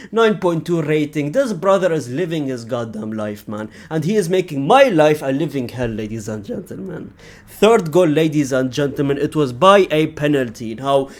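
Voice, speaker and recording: A young man giving a casual ranting football reaction, animated and exasperated, peppering his talk with "man" and "fam" and frequent swearing. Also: on the high side.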